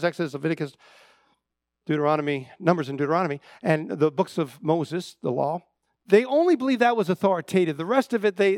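Dry-sounding pastor preaching with swelling emphasis. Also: male voice, sits high, dry recording. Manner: storytelling with repeated words, swinging between loud emphasis and hushed drops. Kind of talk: sermon.

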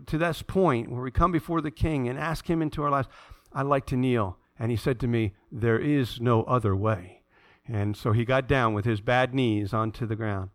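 A man's voice: a little high, a bit bright. A man pastor preaching a sermon, reading scripture aloud and mixing in conversational asides and stories, building to emphatic peaks.

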